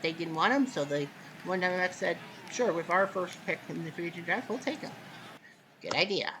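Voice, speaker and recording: Relaxed and chatty, this male host calls a simulated baseball game play by play, erupting into loud calls whenever a big play happens. He speaks in a high register at a slightly quick pace, over background noise.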